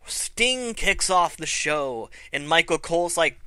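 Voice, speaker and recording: Man, vlog host, casual review chat, swears, laughs a lot, unhurried, dry close sound. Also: on the high side, animated, vocal fry, sharp tone, clean tone, dry recording. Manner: loose, laughing, swears freely.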